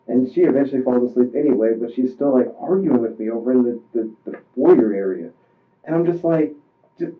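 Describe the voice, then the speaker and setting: A distressed man under police questioning, halting and rambling through his story with many restarts. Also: mid-range voice. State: distressed, voice strained. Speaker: suspect in police interrogation. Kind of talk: recounting events under questioning. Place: police interview room. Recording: tinny, distant interrogation-room recording.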